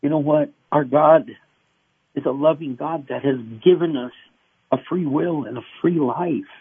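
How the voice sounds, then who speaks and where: A middle-aged male pastor being interviewed, preaching with animated acted-out voices. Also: on the high side, a little slow, gravelly, slightly rough. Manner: animated, acts out voices and cries. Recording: tinny phone line.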